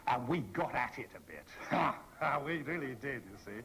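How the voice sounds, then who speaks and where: A man's voice: medium pitch, very animated, moderate pace, a bit bright, slight background noise, poor audio. A man telling a droll anecdote as a guest on a convention panel, with a theatrical raconteur's delivery. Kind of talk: anecdotal storytelling to a live audience. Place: convention panel before an audience.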